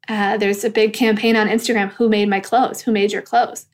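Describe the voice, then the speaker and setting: A woman's voice: a little high, fairly even intonation, normal speed, hardly any pauses. A woman in her thirties talking in a casual, earnest monologue, getting impassioned and swearing when angry.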